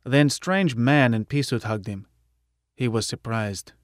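A man reads an audiobook in the first person, at a steady, matter-of-fact pace. His voice sits at an ordinary middle pitch. The sound is dry and close to the mic, with no room echo. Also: a little slow. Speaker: audiobook narrator.

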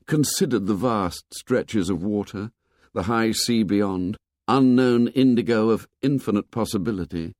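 Male audiobook narrator, measured storytelling, lively pitch, dry close sound. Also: no echo. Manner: expressive, measured storytelling that drops low and soft for tense passages. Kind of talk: scripted narration.

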